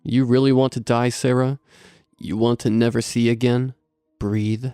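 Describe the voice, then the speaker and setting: A man voicing a menacing male axe killer who speaks in slow, falsely soothing taunts. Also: mid-range voice, level tone, mellow, clear, resonant tone, no echo, studio quality, close to an everyday voice. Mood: taunting.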